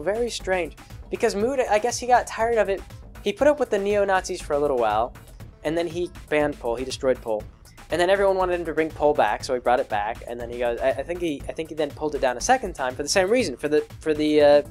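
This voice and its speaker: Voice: medium pitch, a little mellow. A video creator answering patron questions in a casual, rambling monologue full of fillers and restarts. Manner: acts out quoted people in a raised voice.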